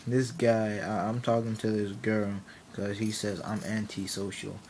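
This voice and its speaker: This man's vlog features comic storytelling delivered flatly and a little slowly in a low, darkish voice, full of rambling, laughter, and sentences he abandons midway. Slight background noise is present.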